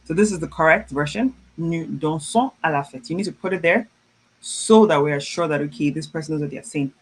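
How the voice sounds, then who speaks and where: A French teacher running a live online class, reading students' chat messages aloud, praising them warmly and slowing down to repeat French phrases. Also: mid-range voice, slightly rough. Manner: encouraging, slows down to spell out French phrases; chatty and informal, laughs often.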